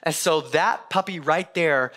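A man's voice: fairly high pitch, measured pace, pushed and bright. A man preaching a sermon as a pastor, talking in a loose, conversational way that stops and restarts and mixes in humor. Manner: conversational, self-interrupting storytelling with humor. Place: church sanctuary.

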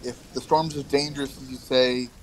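Tabletop player, flat monotone delivery, dry and impatient. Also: male voice, medium pitch, moderate pace, a little hiss or hum, poor audio. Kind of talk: playing a tabletop game.

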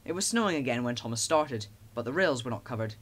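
A man reads a children's storybook aloud with lively expression. His voice sits in an ordinary middle range, neither deep nor high. The telling is steady and clear. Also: fast talker. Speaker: narrator. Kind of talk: storybook narration.

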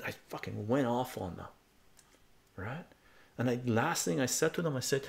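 A man's voice: mid-range voice, expressive, moderate pace, vocal fry, long pauses. A man giving a blunt, profane, heated rant in a casual live stream, talking to his chat.

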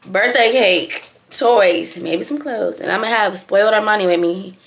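A woman's voice: mid-range voice, moderate pace, creaky. A young woman vlogging in a casual, chatty way, talking straight to her viewers as a mother.

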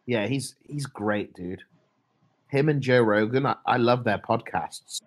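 A young male streamer chats loosely with his viewers in an average-pitched voice. He mumbles through his sentences, and reads messages aloud in a relaxed, offhand way. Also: a little slow. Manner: laid-back, mumbling, reads chat aloud. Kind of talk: casual live-stream chat.

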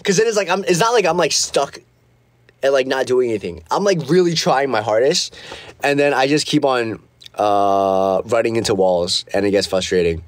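A man's voice: mid-range voice, animated, moderate pace, dry recording. A man hosting a casual livestream, reading comments aloud and rambling with many fillers, from a small foam-lined practice room. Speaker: livestream host. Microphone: phone livestream.

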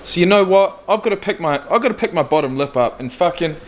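In a furnished flat, a thirty-something vlogger records a casual video diary, speaking bluntly and candidly and swearing freely. His voice is high, animated and fast, with slight background noise.

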